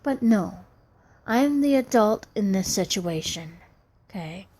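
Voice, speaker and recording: A woman's voice: medium pitch, lively intonation, slow, a little mellow. A woman in her thirties venting in a personal vlog, rambling and aggrieved, restarting her sentences often. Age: 30s. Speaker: vlogger.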